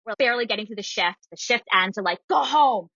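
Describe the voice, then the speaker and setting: Speaking at a racing pace with a medium pitch, a guest storyteller in her thirties shares something personal on a podcast, animatedly quoting the people involved. The sound is lo-fi, with background noise.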